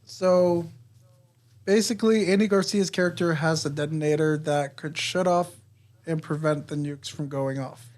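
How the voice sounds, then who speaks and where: A man's voice: a little high, steady tone, moderate pace, darkish tone. A man co-hosting a podcast, casually recapping a movie plot in a rambling way, swearing and laughing. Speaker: podcast co-host. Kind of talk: casual movie review chat.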